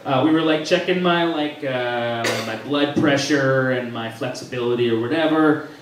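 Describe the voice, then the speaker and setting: A man's voice: mid-range voice, normal speed, far from the mic. A young man doing a stand-up routine at a live venue, telling a story animatedly and acting out the people in it. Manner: animated storytelling, acts out quoted characters. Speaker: stand-up comedian. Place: live comedy venue with audience. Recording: echoey room recorded from afar, noisy.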